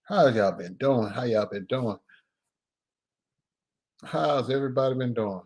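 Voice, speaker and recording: A man's voice: mid-range voice, a little mellow, husky. Guy on a live stream, easygoing, jokey, keeps cracking himself up. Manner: loose and joking, breaks into laughter, drawn-out pauses. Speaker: filmmaker and live-stream host. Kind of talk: casual live-stream chat.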